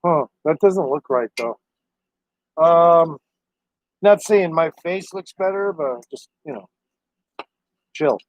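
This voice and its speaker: A man's voice: fairly high pitch, lively intonation, takes it slowly, pauses often, dry recording. A man chatting casually on a live stream, rambling to his viewers and his dog. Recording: dry, dull lo-fi sound.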